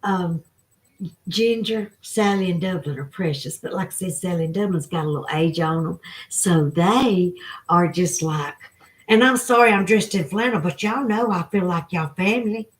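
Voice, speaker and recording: Southern woman, forties-plus, livestream host, folksy and tender, a bit low-pitched, into a phone. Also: moderate pace. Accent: Southern American. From Southern United States. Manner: folksy, emotional, talks to viewers by name. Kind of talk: casual livestream chat.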